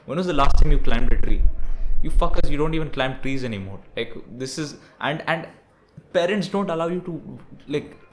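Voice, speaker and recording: A young man, ranting bluntly and profanely about parenting, peppering his talk with "bro". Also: mid-range voice. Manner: blunt, profane, preachy, says "bro" often. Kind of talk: ranting monologue.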